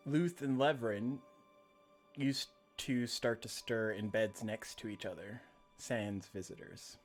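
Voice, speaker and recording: A man's voice: medium pitch, fairly even intonation, takes it slowly, faint music behind. A man narrating as game master of a tabletop role-playing game, casual and laid-back.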